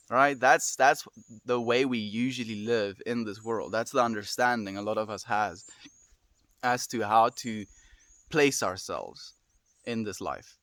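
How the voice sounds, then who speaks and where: Chatting casually with his viewers, a young man on stream uses a mid-range, slightly bright voice at a measured pace, with no room sound. He comes across earnest and heartfelt, rambling, sighing frequently and saying "dude" a lot.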